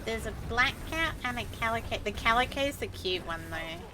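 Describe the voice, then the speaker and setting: A woman's voice: on the high side, animated, a little fast, noisy background. A woman streamer chatting casually and swearing freely while she plays a game.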